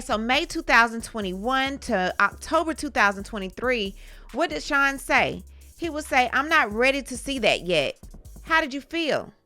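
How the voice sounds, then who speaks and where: A woman hosting a commentary channel, briskly reading court testimony aloud with short reaction asides. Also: a little high, bright, forceful tone, no echo.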